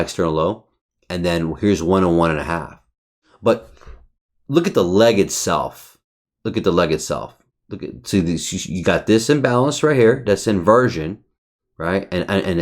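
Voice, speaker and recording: Brash, profane low-voiced man reviewing charts. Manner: profane, brash, animated, talks over a chart. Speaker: trading educator. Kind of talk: casual screen-share chart review.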